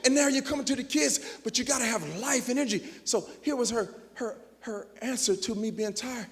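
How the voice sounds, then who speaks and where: A man giving an energetic motivational speech to teachers, telling stories and getting the audience to call back. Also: extremely high pitch, a little fast. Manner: energetic, storytelling, calls for audience response. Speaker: motivational speaker. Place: large auditorium. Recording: long hall reverb, PA system.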